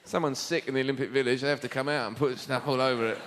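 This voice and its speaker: A man with an English accent performing a stand-up routine on a theatre stage, breaking into shouted mock outbursts. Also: mid-range voice, steady tone, very fast. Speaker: stand-up comedian. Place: theatre stage with live audience. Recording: live show recording with audience noise.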